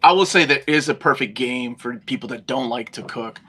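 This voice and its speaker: A man's voice: mid-range voice, brisk, husky. A middle-aged man co-hosting a casual chat about games, telling stories animatedly. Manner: animated, acts out yelling at friends. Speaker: podcast co-host.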